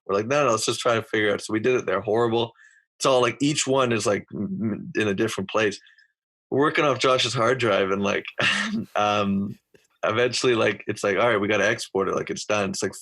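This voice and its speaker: A man's voice: on the low side, a bit bright. A young man with a Canadian accent, a podcast guest telling a rambling story full of fillers and restarts. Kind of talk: casual storytelling.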